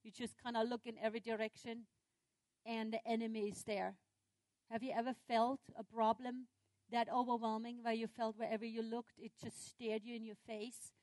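A woman preaching a sermon, retelling a scripture story with lively, dramatic swings in her voice. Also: a little high, normal speed, dry recording.

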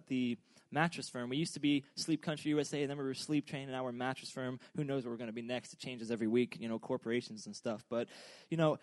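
Young man preaching, slightly high voice, joking and rambling, dry close sound. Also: dry recording. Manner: joking, rambling, self-deprecating. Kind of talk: humorous casual sermon.

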